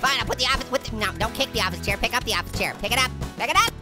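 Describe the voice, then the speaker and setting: A squeaky giggling cartoon gamer. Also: male voice, rapid-fire, over music. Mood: giddy. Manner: giggles constantly, excitable squeals. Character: giggly earless cartoon gamer character, hyper and silly. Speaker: gaming host. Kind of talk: comedic gameplay commentary.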